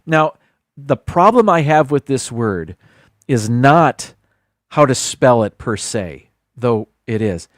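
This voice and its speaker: A man's voice: mid-range voice, big pitch swings, slow, no room sound, clean studio sound. A man hosting a live stream in casual chat, rambling and repeating words while he thinks.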